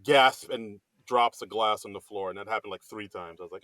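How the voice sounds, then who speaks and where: A man co-hosting a podcast in casual chat, animated and quick to laugh. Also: lowish voice, no echo. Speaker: podcast co-host.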